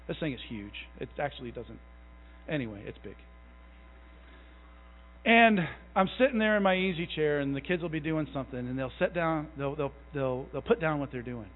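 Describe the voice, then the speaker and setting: A man in his thirties preaching a conversational sermon, telling folksy stories with self-deprecating asides and building to a slow, fervent conviction. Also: fairly high pitch, lively intonation. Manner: builds to a louder, slower fervor. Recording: tinny, phone-like sound in a long reverberant hall.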